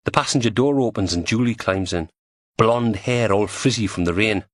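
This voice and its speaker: A man's voice: fairly low pitch, normal speed, no room sound. A man narrating an audiobook crime thriller in a dry, wry storytelling manner on a close studio mic.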